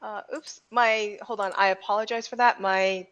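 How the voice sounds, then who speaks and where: A woman's voice: medium pitch, steady tone, normal speed, a bit bright, muffled recording. A woman narrating a tabletop game as game master, in a loose, filler-heavy way with frequent restarts.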